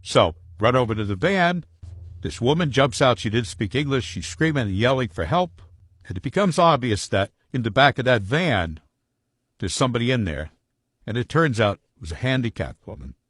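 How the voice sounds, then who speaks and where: A man's voice: medium pitch, big pitch swings, moderate pace, a bit bright, slightly rough, no echo, studio quality. A man telling a story casually in a blunt, profane way.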